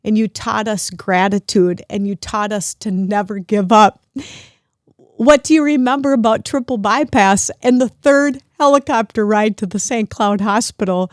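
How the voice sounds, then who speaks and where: A middle-aged woman hosting a podcast, talking warmly and emotionally to her father, grateful and close to tears. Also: medium pitch, normal speed, no room sound. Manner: emotional, grateful, at times tearful. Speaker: podcast host. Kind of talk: heartfelt family conversation.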